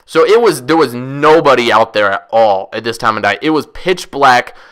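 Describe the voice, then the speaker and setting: A young man telling a wild story casually, profane, rambling and excitable. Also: mid-range voice, normal speed. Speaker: vlogger.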